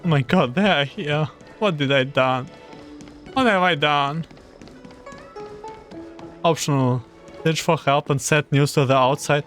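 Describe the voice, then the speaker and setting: A man's voice: a little high, a little slow, pauses often, a bit bright. A young man streaming a game, reading text aloud and muttering anxious reactions. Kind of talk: game playthrough commentary. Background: game music.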